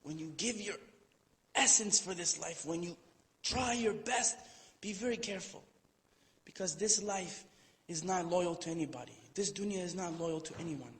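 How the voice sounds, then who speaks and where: A man's voice: high voice, moderate pace, a bit bright. Man preaching in a reverberant hall. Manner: conversational, playful asides, acts out quotes. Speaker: Islamic lecturer. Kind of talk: storytelling sermon. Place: hall with audience.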